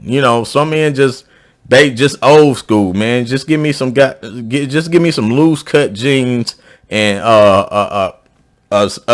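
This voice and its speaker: This YouTube commentator, a man with a South Georgia accent, delivers a long, casual opinion monologue to his viewers. He rambles, repeating and restarting his sentences, and his pitch climbs when he gets emphatic.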